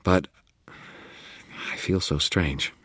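A wary young woman reporter, firm and curt, keeping strangers at arm's length, as a deep-voiced male narrator puts her on. The voice is husky and the recording sounds dry and close. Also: steady tone, takes it slowly, fairly bright tone, no echo, exaggerated voice. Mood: uneasy. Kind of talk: audiobook reading.

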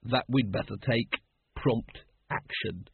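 A man voicing a weary, hesitant middle-aged watch captain, speaking slowly and carefully. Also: medium pitch, breathy edge, no echo. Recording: phone-like narrow band.

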